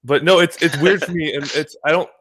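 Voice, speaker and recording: An American man, a guest on the show, chats casually from his home in California, rambling, swearing freely and often restarting sentences. His voice is on the high side and a bit bright, with fairly even intonation and a slightly fast pace.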